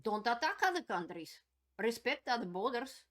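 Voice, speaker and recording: A woman's voice: on the high side, very animated, normal speed, fairly bright tone. A woman hosting her own channel, giving spoken political commentary in an indignant, emphatic way and repeating her points.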